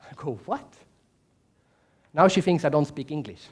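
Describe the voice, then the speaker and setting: A man's voice: fairly high pitch, moderate pace, slightly rough. A man giving a keynote speech at a conference, telling stories, putting questions to the audience and acting out the quotes. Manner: animated storyteller, asks the audience questions, acts out quotes. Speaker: keynote speaker. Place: large conference hall.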